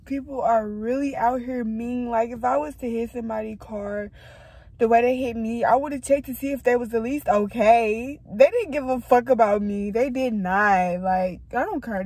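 A woman's voice: fairly high pitch, moderate pace, darkish tone, husky, no room sound. A woman in her twenties filming a casual vlog in her parked car on a phone, rambling bluntly with lots of swearing while crying on and off. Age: 20s. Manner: rambling, emotional, blunt and profane. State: tearful, crying on and off. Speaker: vlogger.

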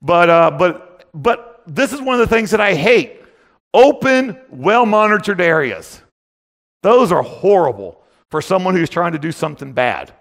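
Gravelly man rambling through a conference talk. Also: high-pitched, very animated, a little slow, fairly bright tone. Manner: rambling, constant filler phrases, joking. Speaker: conference speaker. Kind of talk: casual storytelling talk. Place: conference hall stage. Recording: long reverb of a conference hall.

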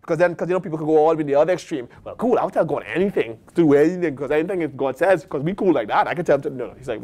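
Man, american pastor, lively preaching, higher voice, swinging pitch, acts out voices. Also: rapid-fire, hardly any pauses. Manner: animated preaching, acts out voices of God and prophets. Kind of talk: sermon.

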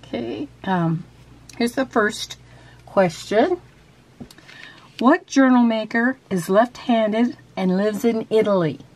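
This craft vlogger speaks at a fairly high pitch with a slightly dark tone, talking slowly with long pauses. She casually shows off her handmade journal, full of ums and restarts, and then reads quiz questions aloud.

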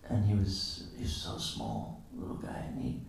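A man's voice: low-pitched, big pitch swings, moderate pace, creaky. A man giving a casual, anecdotal morning lecture at a temple, acting out the dialogue of his stories with chuckles. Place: temple hall. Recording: very echoey hall, distant mic.

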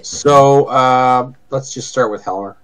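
A man's voice: mid-range voice, slow, a bit bright, low-quality recording. A man acting as game master of a tabletop game, narrating in an easygoing way and thinking aloud as he goes.

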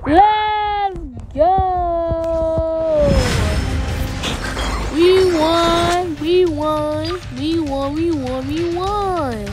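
A woman hosting a gaming channel, giving excited gameplay commentary with dramatic yelps and pleas for help. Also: very high-pitched, extremely slow, loud music behind the voice.

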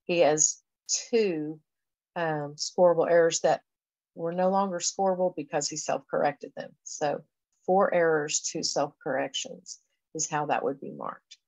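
A woman's voice: low voice, steady tone, a little slow, darkish tone, no echo, poor audio. A woman education professor giving a conversational recorded lecture, explaining things step by step with frequent fillers. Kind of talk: recorded lecture walking through a reading assessment.

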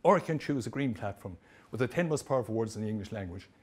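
A man giving a lively motivational presentation to trainees, telling stories with humor. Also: on the low side, fast, slightly rough. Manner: animated, storytelling, jokey. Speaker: motivational speaker.

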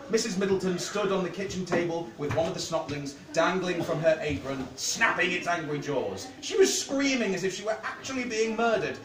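A man reading a children's story aloud to an audience, with a dramatic, expressive delivery. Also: a little high. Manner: expressive, dramatic reading with big vocal swings. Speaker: reader. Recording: echoey room, distant mic, audience.

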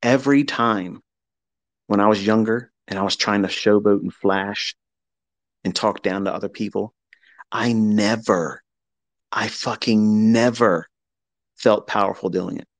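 A man's voice: on the low side, fairly even intonation, normal speed, no room sound. Blunt, profane middle-aged man. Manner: confessional, reflective. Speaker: trading mentor. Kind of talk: candid motivational talk.

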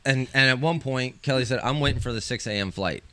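A man co-hosting a casual podcast, telling ranting stories and shouting out his own quoted complaints. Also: medium pitch, brisk, clear, resonant tone. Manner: animated ranter, shouting when acting out his own quotes. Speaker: podcast co-host. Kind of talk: casual chat, ranting storytelling.

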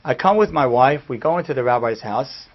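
A man, a rabbi giving a class, telling a story in an animated way that swings from hushed to loud. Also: mid-range voice, fairly quick. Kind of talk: storytelling lecture. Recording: dull lo-fi recording.

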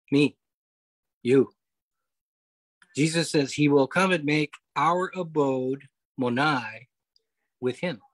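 Man, Bible study teacher, slow, explanatory, dry close sound, video call. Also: on the high side, dry recording, poor audio. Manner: explanatory, repeats key points, frequent okay and uh. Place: home, online meeting.

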